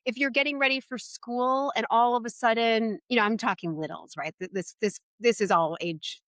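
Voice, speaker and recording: A woman talking as a podcast guest, giving parenting advice in an animated, chatty way full of "like" and "right?". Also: fairly high pitch, moderate pace, dry recording, clean studio sound. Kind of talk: casual interview conversation.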